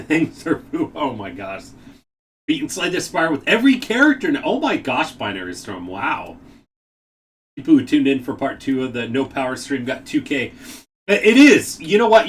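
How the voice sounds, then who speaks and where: A man hosting a live game stream, chatting casually, reading out viewer messages and laughing often with excited exclamations. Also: mid-range voice, recorded from a distance.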